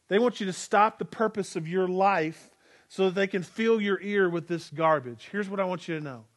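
Man, forties, pastor, high voice, earnest exhorting sermon, call-and-repeat. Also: a little slow. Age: 40s.

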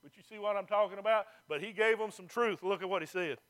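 A man's voice: high voice, quick pace, fairly bright tone. A male pastor, preaching a folksy, fervent sermon to a church.

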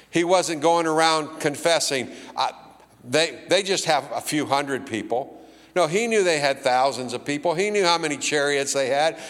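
A man's voice: fairly high pitch, fairly bright tone. An older man preaching a sermon with folksy, humorous storytelling and acted-out voices in a church auditorium. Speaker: pastor. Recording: reverberant hall.

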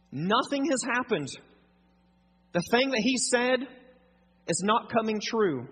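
A man preaching a sermon, acting out dialogue in a lively conversational way with a husky voice. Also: extremely high pitch. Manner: animated, acts out dialogue, conversational asides. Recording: long hall reverb.

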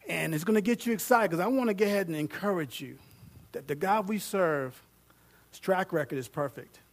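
A man preaching a sermon, reading scripture aloud with growing excitement, joking with and questioning his congregation. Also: sits high. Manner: animated, rising to loud fervent reading; jokes with the congregation and asks them questions.

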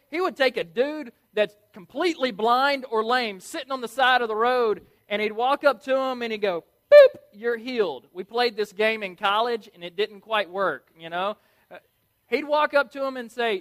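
Male preacher, high-pitched, energetic and emphatic with playful asides. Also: normal speed. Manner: energetic, emphatic, playful, repeats key words. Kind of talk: sermon.

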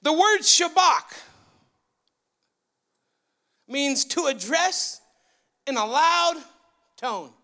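A man preaching a sermon in a church, excitable and loud, his voice rising into yelling. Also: very high-pitched, takes it slowly. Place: church sanctuary.

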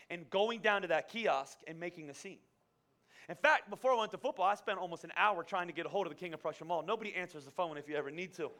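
A man's voice: sits high, fairly bright tone. A middle-aged man preaching a sermon to a congregation, talking conversationally and rising to fervent emphasis. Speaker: pastor.

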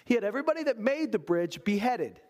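A preacher with a high-pitched voice works through a scripture passage, reading verses and then unpacking them in loose, conversational asides. His delivery is animated and storytelling-driven, like he's talking straight to the room. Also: quick pace.

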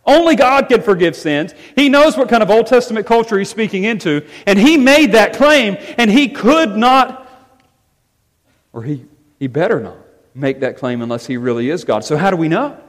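A man preaching to his congregation with a high, lively voice that climbs and dips for emphasis. His words ring out with a long reverb through the church sanctuary. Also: normal speed. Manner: animated preaching, rising and falling emphasis. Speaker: pastor. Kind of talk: sermon.

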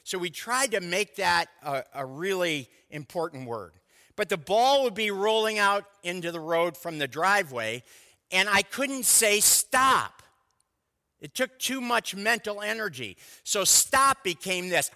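Bright-voiced pastor preaching in a hall. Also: male voice, high voice, very animated, a little slow. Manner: conversational, folksy storytelling with asides to the congregation. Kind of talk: sermon.

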